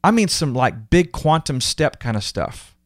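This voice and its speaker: A man's voice: on the high side, unhurried, dry recording, studio quality. A man hosting a podcast, telling personal stories in an earnest, emotional, casual way and acting out what others said to him. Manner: earnest, emotional, animated retelling of quotes. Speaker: podcast host. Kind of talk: casual conversational storytelling.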